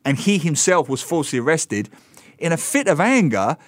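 A man chats on a radio show with an expressive, swooping delivery that sits a little high. He tells the story with indignation and throws in joking asides. The studio sound is close and dry. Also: moderate pace, dry recording. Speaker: radio co-host, author. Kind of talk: casual radio chat. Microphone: studio mic.

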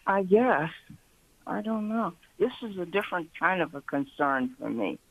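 A woman's voice: on the low side, expressive, moderate pace, low-quality recording. A woman calling in to a radio show, speaking hesitantly and unsure of herself. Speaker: caller. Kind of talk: phone call to a radio show.

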